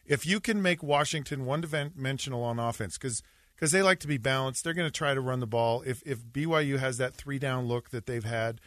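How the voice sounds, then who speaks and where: A man's voice: mid-range voice, brisk, fairly bright tone, no room sound, clean studio sound. A man co-hosting a sports radio show, earnestly breaking down a football game and often restarting his sentences. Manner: earnest, analytical, repeats words when starting. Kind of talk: casual sports talk radio banter. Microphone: studio microphone.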